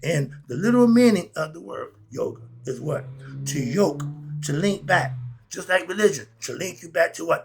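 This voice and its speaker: A middle-aged man teaching spiritual philosophy, preachy and excitable, firing rhetorical questions at his listeners. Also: on the high side, normal speed, creaky, faint music behind. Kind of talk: spoken lesson.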